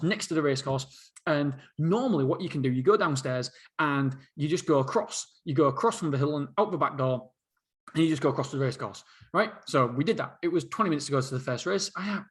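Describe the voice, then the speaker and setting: A man's voice: on the high side, fairly bright tone. A middle-aged man hosting a solo podcast, telling a story in a rambling, self-interrupting way and laughing at himself. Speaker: podcast host.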